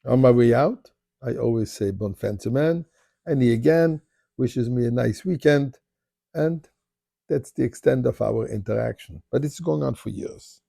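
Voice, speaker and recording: A man, a rabbi, telling a personal story in an animated way, rattling off Hebrew prayer quickly in places. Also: mid-range voice, vocal fry, slightly rough, dry recording, studio quality. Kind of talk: spoken storytelling. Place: Montreal.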